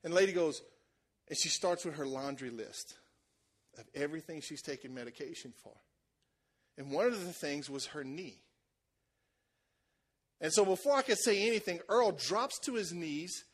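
A man preaching a sermon, telling a lively story and acting out the voices of the people in it, with shouts at the high points. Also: slightly rough. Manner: animated, acts out voices, shouts at peaks. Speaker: pastor.

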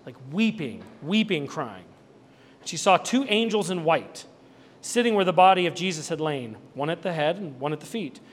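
A male pastor giving an Easter sermon in a conversational, animated way, with asides and small jokes. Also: fairly high pitch, normal speed, in a large hall.

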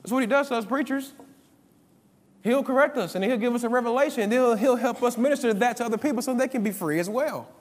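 A male preacher delivers a sermon in a high, ringing voice. He drives his points home by repeating lines for emphasis. The sound carries the long reverb of a large hall. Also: quick pace.

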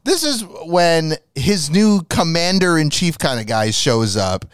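A man's voice: on the high side, big pitch swings, measured pace, clean tone, no room sound. A man in casual podcast chat who talks animatedly, swears often and laughs a lot. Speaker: podcast co-host.

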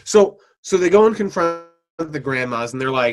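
A man's voice: a little high, lively intonation, normal speed. A man co-hosting a podcast, casually retelling anime scenes and acting out the characters' lines. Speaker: podcast co-host. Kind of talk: casual chat, recapping an anime.

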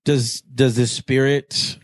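A man hosting a show, chatting casually and excitedly retelling a haunting. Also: medium pitch, slow, dry recording. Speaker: podcast host. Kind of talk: casual chat.

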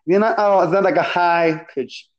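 A man with a slightly high voice, chatting on a podcast. He is talkative and laughs often, and he stumbles over and repeats words as he goes. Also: fairly even intonation, moderate pace, muffled recording. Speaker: podcast guest. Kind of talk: casual chat.

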